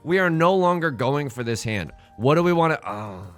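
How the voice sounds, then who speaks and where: A man's voice: on the high side, expressive, normal speed, soft background music. A man hosting a let's play, giving casual gameplay commentary full of joking, rambling asides.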